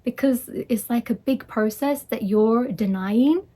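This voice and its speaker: A woman's voice: a little high, a little slow, warm tone. A woman life coach giving a casual, earnest motivational talk, reassuring and acting out quoted voices.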